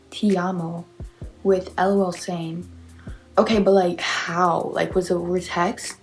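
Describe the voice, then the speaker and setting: A woman's voice: medium pitch, a little mellow. A young woman casually reading online confessions aloud and reacting with chatty, sarcastic asides.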